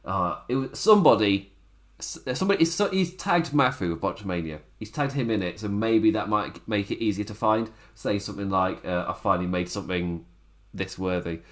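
Young guy, casual wrestling-show host, lively up-and-down voice, rambling and giggly. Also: fairly low pitch, fairly quick. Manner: rambling, laughs often, animated. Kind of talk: casual commentary to camera.

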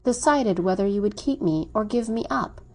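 A woman's voice: mid-range voice, animated, normal speed, a little mellow. Ardent young man courting, insistent and persuasive, read by a woman. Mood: pressing. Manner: insistent, reasoning.

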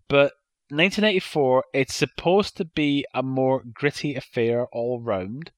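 A man's voice: mid-range voice, measured pace, dry recording. A man co-hosting a casual chat podcast, telling stories in a wry, mock-serious way. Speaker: podcast co-host.

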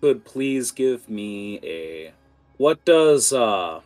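A man narrating as game master of a tabletop game, halting and full of fillers. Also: mid-range voice, big pitch swings, darkish tone, faint music behind. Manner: hesitant, many fillers.

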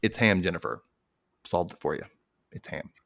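A man casually recapping a cartoon on a podcast, animated, laughing often and acting out quotes. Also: low voice, normal speed, vocal fry, no room sound, clean studio sound. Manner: animated retelling, frequent laughter, acts out quotes.

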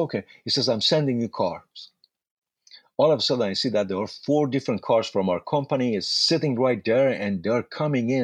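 A man, a guest actor, telling lively anecdotes and acting out dialogue. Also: mid-range voice, husky, dry recording. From Iran. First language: Farsi. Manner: animated anecdotes with acted-out dialogue. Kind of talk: casual storytelling.

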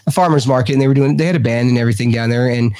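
A middle-aged man from Texas, a guest telling stories animatedly, his voice jumping up high for emphasis. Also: very fast, dark tone, dry recording. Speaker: guest, paranormal investigator. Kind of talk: casual storytelling.

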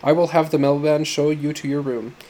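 A man voicing an eager, obsequious male hotel manager in an audiobook story, smooth and accommodating. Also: a little high, steady tone, a little fast, mellow, slight background noise, natural voice.

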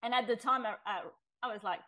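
A woman's voice: a little high, steady tone, fast, sharp tone, low-quality recording. Chatty woman telling her story. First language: French. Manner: chatty, with restarts and laughs, acts out her past self in quotes. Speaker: podcast guest. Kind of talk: personal testimony in an interview.

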